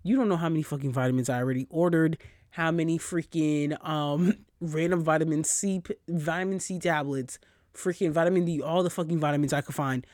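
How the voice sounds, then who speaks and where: A man's voice: a little high, brisk, no echo. Profane, fired-up podcast guy, dry sound. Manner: profane, animated storyteller. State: recovering from a cold. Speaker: podcast host. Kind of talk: casual solo podcast rant.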